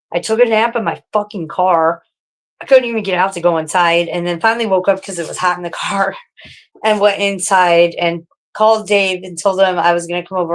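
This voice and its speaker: A woman livestreaming casual chat, talking frankly in a rambling way and swearing often. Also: fairly low pitch.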